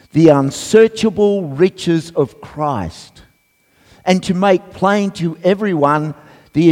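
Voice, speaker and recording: A man with a croaky voice giving a sermon as a guest preacher, hesitant with fillers, then reading scripture and praying with fervour. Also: fairly high pitch. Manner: hesitant, many fillers, then rises into loud fervent reading. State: croaky voice from a cold. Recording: long church reverb.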